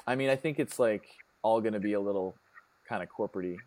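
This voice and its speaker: A man's voice: on the low side, quick pace, darkish tone, a little hiss or hum. A man hosting a casual interview, easygoing and rambling, often searching for words mid-sentence. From Chicago. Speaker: podcast host.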